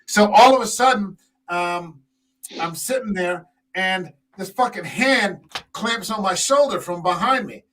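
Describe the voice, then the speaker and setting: A man on a casual podcast, telling a long, profane anecdote in an animated way with lots of fillers. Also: high voice, measured pace, a little hiss or hum, poor audio. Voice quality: tall man, six foot five. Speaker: podcast co-host. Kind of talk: casual storytelling chat.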